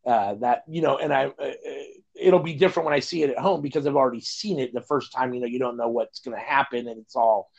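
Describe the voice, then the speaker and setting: A man co-hosting a casual movie podcast, speaking reflectively with many pauses and fillers. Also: medium pitch, darkish tone, muffled recording. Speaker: podcast co-host. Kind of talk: casual chat.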